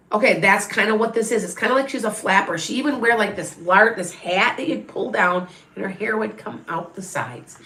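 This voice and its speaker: A woman's voice: on the high side, fairly bright tone. A woman psychic medium talking casually and rambling, with many fillers and restarts as she gives a reading. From American Midwest. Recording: echoey room.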